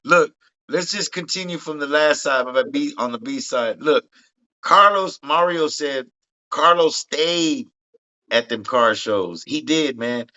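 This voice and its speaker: A man co-hosting a casual show, excitable and profane, talking over his partner. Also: on the high side, measured pace. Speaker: co-host. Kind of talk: casual podcast banter. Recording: dull lo-fi sound.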